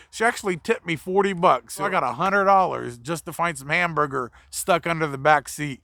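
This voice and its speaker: A young mechanic tells a casual, profane story with a high, gravelly voice. His tone is bright and forceful. The sound is close and dry. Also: brisk, no echo. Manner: blunt, profane, chatty storyteller. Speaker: mobile mechanic.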